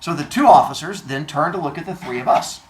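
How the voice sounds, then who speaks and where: A man telling a personal story in a casual way, acting out the other people's lines in an animated manner. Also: fairly high pitch, a little fast. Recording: roomy echo, faint noise.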